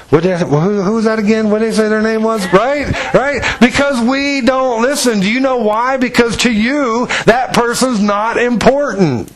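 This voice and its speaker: Folksy man preaching with a raised pitch. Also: a bit bright. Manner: folksy storytelling with acted quotes. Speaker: pastor. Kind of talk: sermon.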